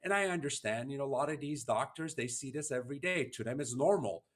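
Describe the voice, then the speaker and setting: A man's voice: medium pitch, animated, fast talker. A man hosting a podcast, telling a personal story in an earnest, emotional, heartfelt way. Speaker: podcast host.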